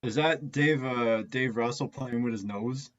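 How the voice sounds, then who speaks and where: A man's voice: medium pitch, a little slow, dull audio, noisy background. A man guessing on a game show over a video call, joking and exasperated.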